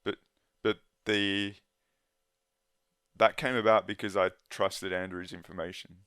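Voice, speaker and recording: A man speaking as a guest in a casual conversation, earnest and halting, often restarting his sentences. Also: low-pitched, little pitch movement, fairly bright tone, clear, resonant tone, no echo, clean studio sound.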